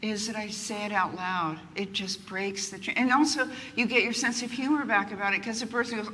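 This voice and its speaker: Animated older woman telling candid stories. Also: medium pitch, a little fast, hardly any pauses. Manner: animated, self-mocking, acts out quotes. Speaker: guest author. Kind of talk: candid conversational storytelling. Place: retreat gathering before a live group. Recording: distant reverberant room, faint ambience.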